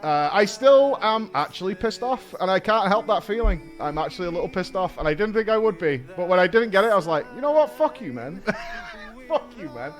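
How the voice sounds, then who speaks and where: A man rants on a casual stream, swearing freely and mocking himself with sardonic humor. His voice sits high and swings wildly up and down. Faint music plays underneath. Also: lively intonation, fairly quick. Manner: profane, ranting, sardonic, laughing at himself.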